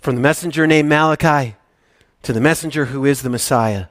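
A man preaching a sermon to his congregation in a church, emotional, swinging from loud excitement to quiet, intimate prayerfulness. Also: mid-range voice, a little fast. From United States. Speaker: pastor. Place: church sanctuary.

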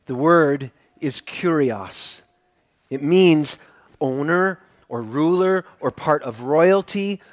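A man's voice: on the high side, a bit bright, no echo. A male pastor preaching a sermon in a conversational, joking and emphatic way.

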